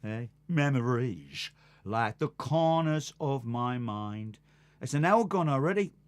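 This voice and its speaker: An older musician hosting a live stream tells rambling stories between songs, chatty and laughing at his own tales. His mid-range voice is animated, and he takes it slowly.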